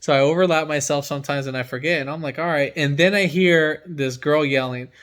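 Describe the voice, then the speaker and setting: A man's voice: a little high, brisk, a bit bright. A man who works as a mechanic from home, telling a story in casual chat and acting out his own reactions with energy.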